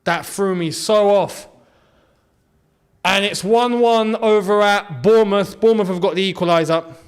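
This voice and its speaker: A man hosting a live football watchalong, talking through the match and shouting when something big happens. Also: sits high, measured pace, smooth. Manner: excitable, swings between muttering and shouting at goals.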